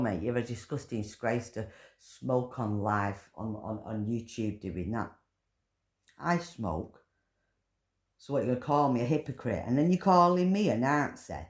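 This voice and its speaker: A woman delivering an angry, profane rant, swearing and shouting in bursts. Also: very deep voice. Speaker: political commentator. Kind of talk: angry ranting monologue.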